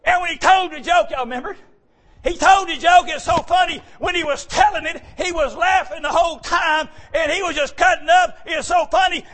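Man preaching folksy jokes from the pulpit, animated, breaks into shouts, high-pitched. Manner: animated, often shouting, joking. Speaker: church speaker. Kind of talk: folksy joking sermon.

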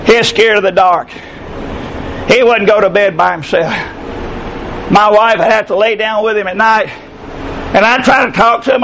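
A middle-aged man preaching a sermon, with impassioned delivery that swells into shouted emphasis. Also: high voice, a little hiss or hum, rough recording.

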